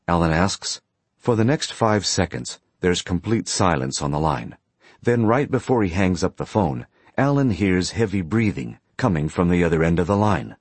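A man narrating a story in a steady, plain storytelling manner. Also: sits low, moderate pace, husky, dry recording. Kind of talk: audiobook narration.

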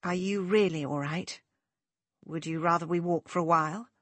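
A woman voicing a polite, gracious young lady who speaks gently and formally, in an audiobook. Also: fairly low pitch, steady tone, moderate pace, no room sound. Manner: gentle, well-mannered and formal. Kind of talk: audiobook character voice.

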